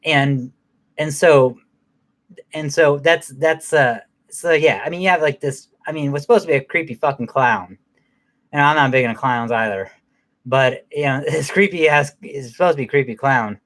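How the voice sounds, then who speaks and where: Rambling man with a fairly high voice. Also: normal speed, a bit bright. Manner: rambling, with many fillers, restarts and laughs. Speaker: movie reviewer. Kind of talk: casual, profane movie recap.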